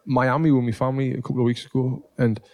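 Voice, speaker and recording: A man's voice: medium pitch, flat delivery, fast talker, a little mellow. Swearing laughing podcast man. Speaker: podcast co-host. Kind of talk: casual chat.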